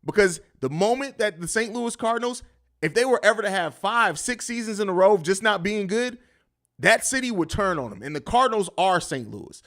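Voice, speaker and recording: A man's voice: sits high, animated, a little fast, fairly bright tone. A man hosting a live sports podcast, talking bluntly and riffing with plenty of profanity. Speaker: podcast host. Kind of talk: live-stream sports talk.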